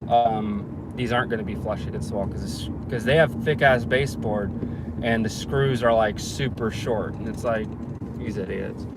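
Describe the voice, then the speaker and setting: A man's voice: on the low side, normal speed. Fields: Sex: man. Style: exasperated storytelling rant. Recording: noisy car, traffic outside. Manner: exasperated, swears casually, many fillers and restarts. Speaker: handyman vlogger.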